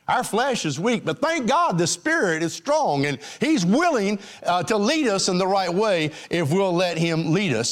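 Male preacher mid-sermon, slightly high, very animated pitch, emphatic cadence with fillers.

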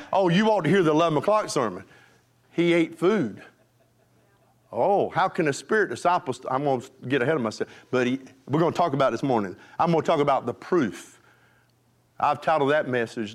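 A male pastor preaches a fervent revival sermon in a voice on the high side. He swings from shouts to hushed pleading and trades folksy call and response with the congregation.

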